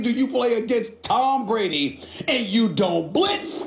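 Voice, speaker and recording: A man's voice: extremely high pitch, lively intonation, slow pace, creaky, roomy sound. A man on a sports debate panel, talking emphatically in a heated rant and repeating his points. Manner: emphatic, ranting, repeats himself.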